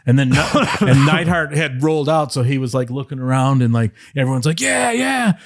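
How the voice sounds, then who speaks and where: A middle-aged man from the Detroit area, a podcast guest, telling rambling, animated stories and slipping into playful voice impressions. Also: medium pitch, brisk, no room sound, clean studio sound. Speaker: podcast guest, former wrestling writer. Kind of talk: casual interview storytelling.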